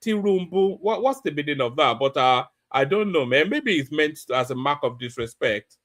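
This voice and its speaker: A man's voice: fairly high pitch, lively intonation, moderate pace, fairly bright tone. A middle-aged man hosting a reaction commentary, incredulous and stumbling over repeated words. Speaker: commentary host.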